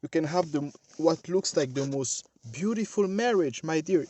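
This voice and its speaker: A man's voice: a little high, lively intonation, moderate pace, a little mellow. A man preaching a sermon, speaking emphatically, repeating himself and addressing the listeners directly.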